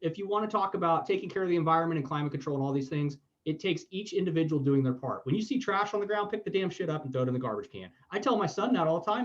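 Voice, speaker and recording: A blunt, opinionated podcast host from Florida who swears as he chats. He talks fast in a high voice that swings widely in pitch. The audio is dull and lo-fi. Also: animated. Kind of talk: casual opinionated chat.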